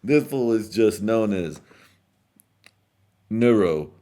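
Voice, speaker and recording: A stoned man hosting a podcast, his voice sitting very low. He rambles crudely through a comedic monologue and keeps breaking into laughter. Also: measured pace. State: high on edibles. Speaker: podcast host.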